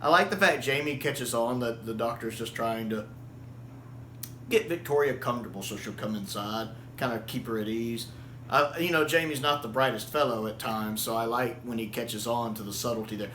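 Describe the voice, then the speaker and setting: Enthusiastic man with a bright voice. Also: mid-range voice, normal speed. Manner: enthusiastic, laughs often, acts out quotes. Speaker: show reviewer. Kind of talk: casual video review. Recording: echoey room with faint hiss.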